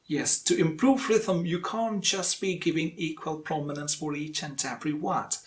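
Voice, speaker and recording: A man with a high voice teaches English pronunciation in an online lesson. He speaks slowly and deliberately, saying each model sentence several times so the learner can copy it.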